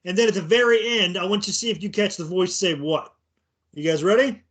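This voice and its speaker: High-voiced man, excited and rambling. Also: a little fast. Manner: excited, rambling, repeats words. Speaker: podcast co-host. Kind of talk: casual chat.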